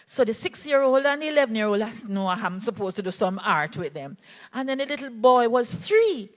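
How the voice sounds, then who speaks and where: An older Jamaican woman, a play therapist, telling a personal story in an animated way at a conference talk. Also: mid-range voice, a little fast. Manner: animated storytelling, voices quoted speakers. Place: conference hall.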